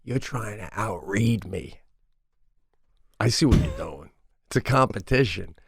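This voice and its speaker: A man's voice: lowish voice, a little slow, gravelly, husky, dry recording, clean studio sound. A man co-hosting a comedy podcast, telling stories animatedly and acting out voices. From Long Island, New York. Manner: animated storytelling, acts out voices in quotes. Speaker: podcast co-host. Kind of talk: casual comedic chat.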